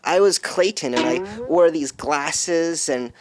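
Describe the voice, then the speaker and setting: A man's voice: a little high, slow pace, dry recording. A man being interviewed as an actor guest, answering in an eager, chatty, rambling way.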